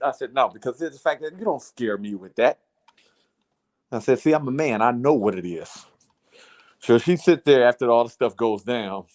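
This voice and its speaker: A man's voice: mid-range voice, lively intonation, normal speed, a little mellow. A man casually telling a long story to friends in a blunt, profane way, repeating "I said" as he retells it. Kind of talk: casual chat.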